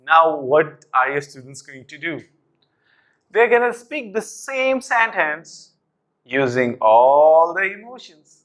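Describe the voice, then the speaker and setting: A man's voice: on the high side, very animated, slow, a bit bright. A young man explaining a classroom activity to teachers with energy, calling them "guys" and answering his own questions. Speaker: teacher trainer.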